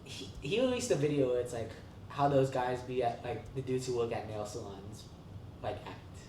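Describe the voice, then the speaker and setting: A podcast co-host chatting casually, filling every pause with "like" and breaking into laughter. The voice jumps up and down in pitch. It was picked up from a bit away from the mic, so it sounds roomy, with faint ambient noise underneath. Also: far from the mic. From Vietnamese heritage. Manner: animated, many "like" fillers, laughs often. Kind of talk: casual chat.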